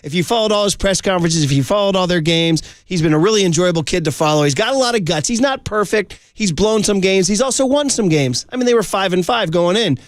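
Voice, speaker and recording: A man hosting a sports talk show, riffing casually and excitedly in slangy chat with a co-host. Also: sits high, quick pace, few pauses, no echo, studio quality.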